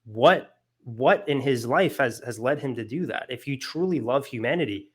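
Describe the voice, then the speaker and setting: A man's voice: medium pitch, animated, moderate pace, slightly rough. A young man giving a casual philosophy lecture, earnest and emotional, with many fillers and restarts.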